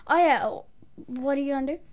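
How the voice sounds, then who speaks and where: A teenage girl, chatting casually with short reactions. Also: sits high. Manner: short reactions, slow, laughs along. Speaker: student. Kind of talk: casual chat.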